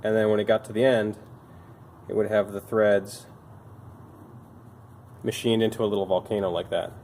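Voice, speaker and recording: A young man speaks at normal speed in a level, darkish voice on the low side, with a little hiss or hum present. He works at a bike shop and hosts videos, and he sounds tired as he casually presents old bike parts with dry, self-directed humor.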